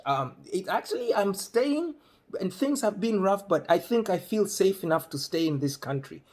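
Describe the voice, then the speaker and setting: A man's voice: high-pitched, normal speed. A man from Malawi, telling a comic story on stage and acting out the people in it. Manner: animated, acts out characters. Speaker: stand-up comedian.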